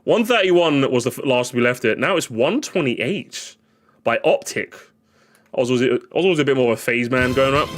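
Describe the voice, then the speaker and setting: A male streamer reacting live to game replays, chatty and excitable, rambling with many restarts. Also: medium pitch, moderate pace.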